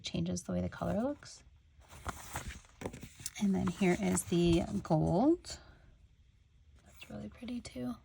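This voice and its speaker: A woman's voice: lowish voice, creaky. A young woman gushing over stickers in a chatty product haul, talking straight to her viewers. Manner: gushing, talks to viewers, filler-heavy. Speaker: planner sticker haul vlogger.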